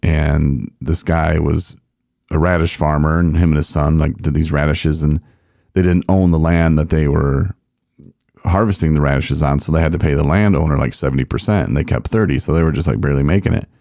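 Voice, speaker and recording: A man's voice: rumbling low, steady tone, brisk, gravelly, a little mellow, no echo, clean studio sound. A man hosting a podcast, telling a story in a rambling, folksy way with many fillers. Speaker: podcast host. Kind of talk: casual storytelling chat.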